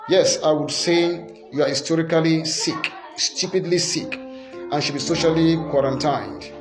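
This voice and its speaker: A man's voice: fairly high pitch, unhurried, over music. Nigerian guy giving a fired-up political talk, hammers his points over and over, roomy echo. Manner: emphatic, repetitive, forceful declarations. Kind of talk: impassioned political speech.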